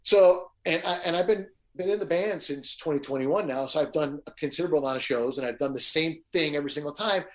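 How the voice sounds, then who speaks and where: A man's voice: on the high side, fast, hardly any pauses. A middle-aged man, a guest musician, telling stage anecdotes in a casual chat and acting out the quotes. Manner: animated anecdote teller, acts out quotes.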